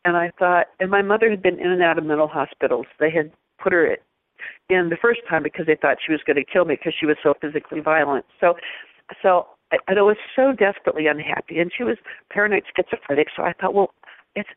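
A woman guest telling a personal story in an animated way, laughing often and restarting her sentences. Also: lowish voice, quick pace, no room sound. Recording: phone-like lo-fi line.

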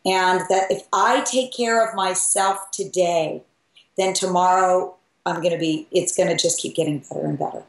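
An earnest woman speaks in a measured, reflective way. She sounds off mic, in a roomy space with echo around her voice. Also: fairly low pitch, recorded from a distance. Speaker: guest, interviewer of many people. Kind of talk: reflective conversation.

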